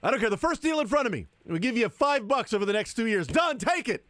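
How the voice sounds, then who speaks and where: A radio host playing a frantic man who grabs the first deal offered, with a shrill, hurried, impatient voice. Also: lively intonation, fairly bright tone, no room sound.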